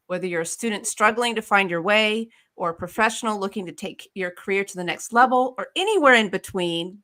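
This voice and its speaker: A woman's voice: medium pitch, sharp tone. A woman hosting a live video podcast. She talks in an upbeat, chatty way as she introduces and questions her guest. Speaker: podcast host.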